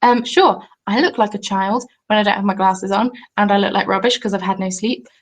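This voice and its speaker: A woman's voice: medium pitch, fairly quick. Chatty woman rambling on a live stream. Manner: chatty, rambling, reads out and answers chat comments. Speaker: craft YouTuber.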